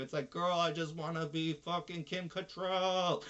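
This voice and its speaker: Man from Canada, fairly high voice, ranting and swearing, muffled lo-fi sound. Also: flat delivery, moderate pace, few pauses, a bit bright. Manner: profane, ranting, exasperated. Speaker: influencer. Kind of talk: casual monologue. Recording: dull lo-fi recording.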